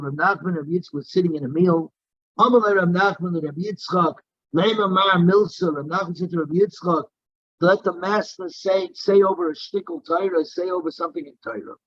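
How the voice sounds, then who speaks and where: A man's voice: high voice, fairly bright tone, no room sound, lo-fi sound. A man teaching a daily Talmud class, reading Aramaic text in a singsong and explaining it in English. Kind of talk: Talmud lesson, reading and translating.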